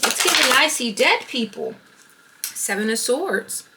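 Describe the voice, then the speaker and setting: A woman doing a tarot card reading, animated and thinking aloud as she pulls cards. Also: high-pitched, a little slow, heavy background noise. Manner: animated, talking to herself while pulling cards. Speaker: tarot reader.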